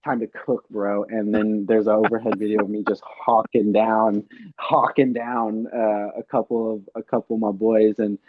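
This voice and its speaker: A man telling race stories in a casual interview, animated, acting out what others said. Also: lowish voice, normal speed, narrow, tinny audio. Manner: animated storyteller, acts out quotes loudly. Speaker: pro bike racer guest.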